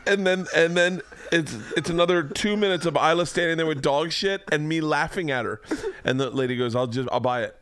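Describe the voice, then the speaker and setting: His voice sits on the high side, a bit bright with a clean tone, and he speaks fairly quickly with few pauses. This man hosts a podcast from his home man cave, telling stories and chatting casually while laughing and swearing freely.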